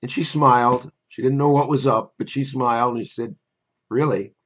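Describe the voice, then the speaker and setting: An older man who teaches a memory course tells a personal story, wry and conversational, before pitching his course. His tone is steady and a bit bright, his pace brisk, and the audio dull.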